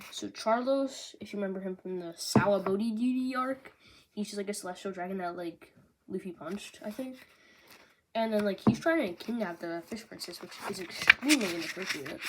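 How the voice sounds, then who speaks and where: A bubbly young woman talks through a manga volume in casual chat, with lots of fillers and jokey asides. Her pitch sits in a middle range for a woman, and a steady hiss runs under the recording. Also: normal speed. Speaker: manga review vlogger. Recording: noisy home recording.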